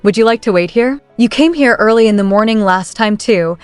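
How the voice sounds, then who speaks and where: Courteous young knight, voiced by a woman narrator, polite and smooth. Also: on the high side, fairly quick, soft background music, natural voice.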